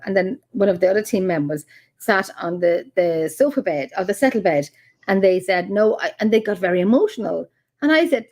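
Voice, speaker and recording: Middle-aged irish woman chatting away, lively storyteller, laughs a lot, mid pitch. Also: moderate pace. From Ireland. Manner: animated storyteller, laughs often, acts out quotes. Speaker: paranormal researcher guest. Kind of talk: casual interview chat.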